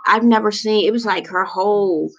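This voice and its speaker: A woman's voice: medium pitch, normal speed, fairly bright tone, dull audio. A woman in her forties telling a personal story to camera in a chatty, rambling, emotional way with lots of fillers. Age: 40s. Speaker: vlogger.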